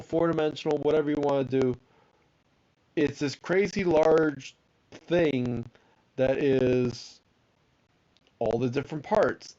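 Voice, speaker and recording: A man in a casual chat, slowly explaining an idea and rambling with fillers. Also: fairly high pitch, dark tone. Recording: dull lo-fi sound.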